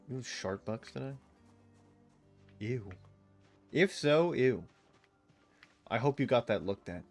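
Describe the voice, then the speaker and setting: Profane, chatty male streamer. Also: medium pitch. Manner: loose, profane, bantering with chat. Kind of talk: casual live-stream chat while gaming.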